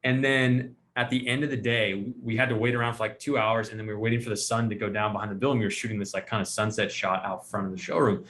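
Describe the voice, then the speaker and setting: Animated man telling a story. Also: lowish voice, fast, few pauses, a little hiss or hum. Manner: animated storyteller acting out quotes. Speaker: podcast host. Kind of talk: casual storytelling chat.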